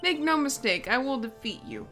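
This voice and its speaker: A woman's voice: high voice, expressive, bright, forceful tone, soft background music. A woman voicing an arrogant young female prosecutor who talks in a cold, commanding way. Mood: haughty. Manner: haughty, cold, slow and commanding.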